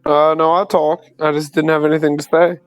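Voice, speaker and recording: Chill guy player in a tabletop game, kinda high voice, dead dry room. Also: level tone, a little fast, clear, resonant tone, no echo, faint music behind. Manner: laid-back, brief replies.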